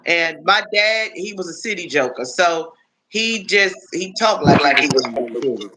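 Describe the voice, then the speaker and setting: A woman's voice: fairly low pitch, lively intonation, normal speed, heavy background noise. A woman in her fifties chatting casually on a live stream, rambling through stories with lots of restarts. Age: 50s.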